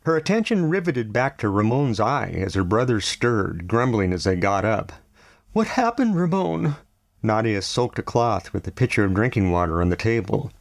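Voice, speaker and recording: Low, gravelly male audiobook narrator. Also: normal speed, hardly any pauses, no room sound, clean studio sound. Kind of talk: scripted novel narration.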